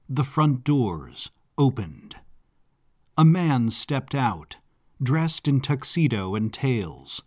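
A man narrating a story in a measured, descriptive way. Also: mid-range voice, a little mellow. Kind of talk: scripted audiobook narration. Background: faint background music.

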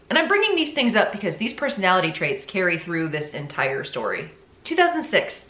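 A woman's voice: lowish voice, a bit bright. A young woman host telling a true-crime story in a casual, chatty way, full of "like" and sarcastic asides. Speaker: podcast host. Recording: roomy echo.

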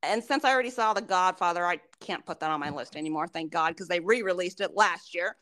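A woman's voice: lowish voice, quick pace. A woman co-hosting a casual podcast chat, swearing freely and acting out what friends said. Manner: swears a lot, quotes friends in animated retellings. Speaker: podcast co-host.

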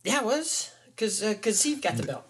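A man's voice: high-pitched, huge pitch swings, fairly quick, husky. A man co-hosting a casual podcast chat, rambling with fillers and restarts. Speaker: podcast co-host.

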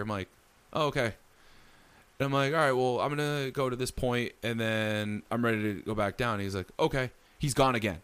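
A man telling a story in casual chat, animated and acting out the lines he quotes. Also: medium pitch, fairly quick, smooth. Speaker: storyteller recounting a ghost encounter.

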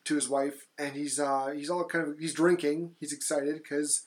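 A man's voice: on the high side, little pitch movement, moderate pace. A man co-hosting a casual movie review podcast, recapping the plot with many fillers and restarts. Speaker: podcast co-host.

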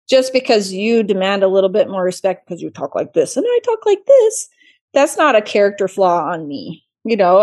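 A woman surgeon speaks in a mid-range voice, chatty and expressive as she tells stories. Her delivery is conversational and lively in the way she talks about her work. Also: mid-range voice. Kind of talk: casual interview storytelling.

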